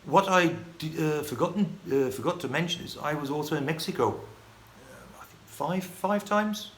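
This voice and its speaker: A man's voice: a little high, fairly bright tone. Rambling man in an echoey room. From United Kingdom. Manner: rambling, halting, many restarts and fillers, chuckling. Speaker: vlogger. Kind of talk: casual storytelling monologue. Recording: echoey room with faint ambient noise.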